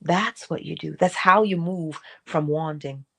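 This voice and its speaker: Woman, middle-aged, motivational host, lower voice, expressive swings, repeating exhortations. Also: gravelly. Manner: expressive, swings between high acted asides and low soft remarks; repeats and exhorts, drawn-out emphasis. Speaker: host of a morning inspiration stream. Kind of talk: spiritual motivational talk.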